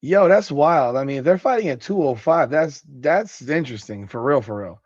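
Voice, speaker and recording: A man hosting a podcast late at night, sleepy and yawning, talking in loose, excitable slang and reading out comments. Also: fairly high pitch, moderate pace, no echo, muffled recording. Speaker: podcast host.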